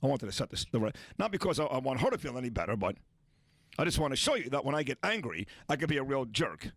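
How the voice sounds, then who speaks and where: Brash male sports radio host, lively up-and-down delivery, dry booth sound. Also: medium pitch, fast, no room sound. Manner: brash, blunt and boastful. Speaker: radio talk show host. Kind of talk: sports talk radio banter.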